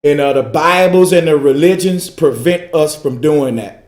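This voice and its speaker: A man's voice: a little high, moderate pace, a little mellow, reverberant. A man giving a preachy esoteric lecture, emphatic and repetitive, dragging out key words for wordplay. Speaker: speaker in a group call.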